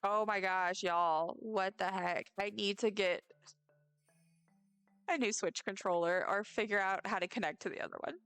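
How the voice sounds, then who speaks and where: A woman's voice: medium pitch, fairly even intonation, normal speed, a bit bright, smooth, no room sound, soft background music. A woman streamer chatting casually while playing a game, giggling and talking to the characters on screen. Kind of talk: casual gameplay chat.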